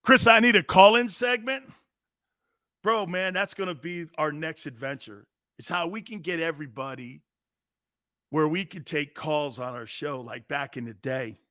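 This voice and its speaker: A man hosting a sports talk show, telling stories in a loose, animated way and slipping into squeaky impressions. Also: normal speed, no room sound, clean studio sound. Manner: animated storyteller, does squeaky impressions and shouts. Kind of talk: casual sports radio talk.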